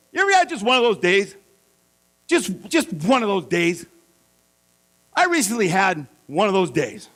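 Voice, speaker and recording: A middle-aged male pastor telling a self-mocking story in a sermon, animated and playful. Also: high voice. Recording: mains hum.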